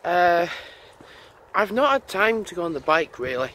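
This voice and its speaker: A man's voice: sits high, big pitch swings, unhurried, pushed and bright. A man, vlogging casually and rambling aloud as he walks outdoors. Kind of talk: casual walking vlog chat. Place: outdoors on a lane by a busy road. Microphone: handheld camera while walking. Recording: wind and traffic noise outdoors.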